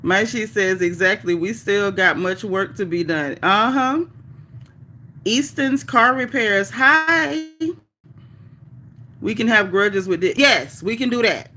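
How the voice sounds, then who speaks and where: A woman hosting a casual livestream, reading viewer comments aloud in a chatty, animated, folksy way. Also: medium pitch, slow pace, slight background noise. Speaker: livestream host reading chat. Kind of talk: casual live chat.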